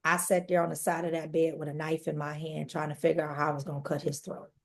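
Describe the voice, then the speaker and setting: A woman's voice: deep voice, level tone, quick pace. A woman guest on a podcast, earnestly telling her own life story and speaking straight to the listeners. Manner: earnest, addresses listeners directly. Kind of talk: personal testimony storytelling.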